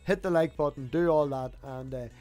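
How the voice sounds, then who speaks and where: A man's voice: on the high side, a little fast, darkish tone. Chatty man hosting, faint music. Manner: blunt, swears casually, chatty. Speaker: podcast host. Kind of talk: casual chat.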